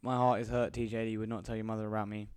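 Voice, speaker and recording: A man from co-hosting a podcast, upbeat and teasing, quick to laugh. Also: on the low side, little pitch movement, a little mellow, smooth, no echo, studio quality. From London. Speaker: podcast co-host. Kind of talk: casual chat.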